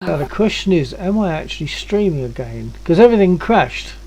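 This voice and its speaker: A man's voice: high voice, big pitch swings, a little fast, warm tone, rough recording. An older man hosting a flight-sim stream, chatting genially with players and checking his setup, with old-fashioned greetings. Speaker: streamer and host. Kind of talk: casual game stream chat.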